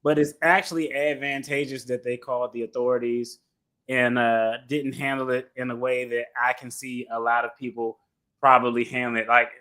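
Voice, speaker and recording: Bright, animated man reacting with slang. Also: medium pitch, moderate pace. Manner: animated, slangy, laughs often. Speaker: attorney reaction host. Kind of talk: casual reaction commentary.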